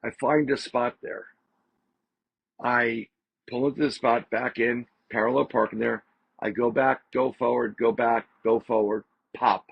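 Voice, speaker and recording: Gravelly, husky man telling a story. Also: mid-range voice, a little slow, no room sound. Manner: animated, repeats phrases for emphasis. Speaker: podcast guest. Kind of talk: casual storytelling. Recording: slightly dull lo-fi audio.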